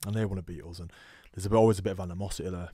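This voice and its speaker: A young man, a rugby player guest telling animated stories in a casual podcast chat. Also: sits low, racing, slightly rough, no room sound, clean studio sound. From England. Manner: storytelling, animated quoting, laughs often. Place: podcast studio.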